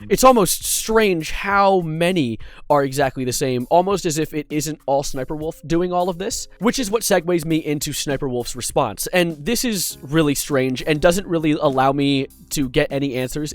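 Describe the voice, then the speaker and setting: A man's voice: fairly high pitch, normal speed, hardly any pauses, no echo. A man doing a commentary video, sarcastic and exasperated, swearing casually as he breaks down online drama. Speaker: YouTube commentator.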